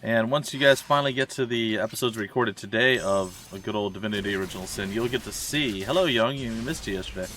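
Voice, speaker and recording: This home streamer talks fast with few pauses, his lowish voice fairly bright over a little hiss or hum. He jokes casually through his gameplay, teasing himself and veering off into tangential stories.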